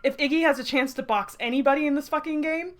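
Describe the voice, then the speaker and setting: A woman's voice: high-pitched, quick pace. A young woman streamer reading a story game aloud, breaking off to swear and laugh at it. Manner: swears freely, bursts into laughter. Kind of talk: reading a visual novel aloud with reactions.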